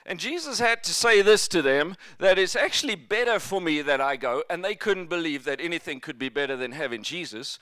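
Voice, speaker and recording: Guy pastor preaching in church, high clear voice, tells stories and cracks jokes. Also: fairly quick, hardly any pauses, no room sound. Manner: jokey, lively storytelling preacher. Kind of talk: sermon.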